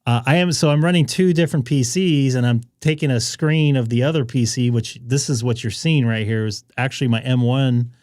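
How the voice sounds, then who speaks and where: A man's voice: mid-range voice, a little fast, few pauses, a little mellow, no echo, studio quality. A man from California hosting a ham radio live stream, talking casually with lots of fillers. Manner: chatty, loose, many fillers. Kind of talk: casual on-air chat.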